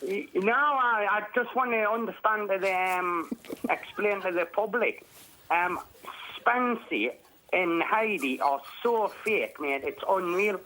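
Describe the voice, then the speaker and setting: A man calling in, talking haltingly with many restarts. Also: sits high, bright, forceful tone, rough recording. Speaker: caller.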